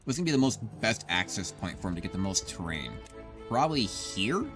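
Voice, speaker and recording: Rambling low-voiced male gamer. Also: sing-song, a little fast. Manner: rambling, swears often, talks to chat. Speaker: streamer. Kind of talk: casual gameplay commentary. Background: background music.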